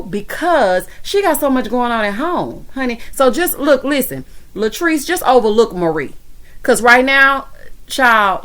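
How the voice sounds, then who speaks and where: A woman with a Southern American accent giving sassy, animated commentary on a reality TV episode, talking straight to the viewer. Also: mid-range voice. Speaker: reality TV recap vlogger. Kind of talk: casual commentary.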